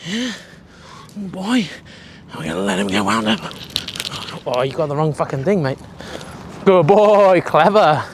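A young man, a dog trainer explaining his work in an energetic, chatty way with casual swearing. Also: sits high, unhurried, creaky, pauses often, slight background noise.

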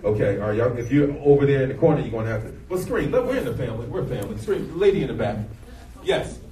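A man hosting a live interview in front of an audience, relaxed and encouraging, hyping up the crowd. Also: medium pitch, quick pace. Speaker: interviewer and event host. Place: event hall with an audience. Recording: echoey hall, distant mic, crowd and noise.

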